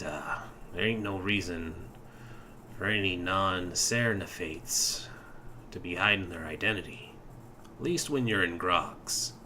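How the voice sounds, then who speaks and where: A man voicing a large, gruff male half-ogre innkeeper who talks in a folksy, teasing way. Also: deep voice, pushed and bright, slight background noise, heavily acted.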